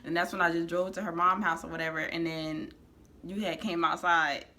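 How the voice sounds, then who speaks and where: Young woman, kinda low but bright voice, laid-back, chatting her side of the story. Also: level tone, moderate pace. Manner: laid-back, laughing retelling with swearing. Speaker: vlogger, partner in the story. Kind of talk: casual storytelling.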